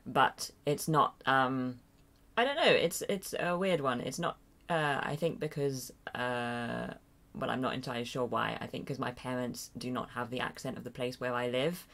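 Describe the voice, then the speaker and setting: A woman's voice: extremely low pitch, moderate pace, fairly bright tone. An English woman hosting a casual livestream, reading viewer comments and answering in a rambling, hesitant, self-deprecating way, full of fillers and small chuckles, at her computer at home. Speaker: livestream host. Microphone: desk mic near a loud keyboard.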